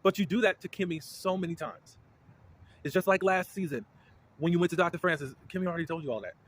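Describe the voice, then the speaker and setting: A man giving casual, blunt commentary as a reality TV recap host, with indignant, animated reactions. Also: a little high, fast talker, slight background noise.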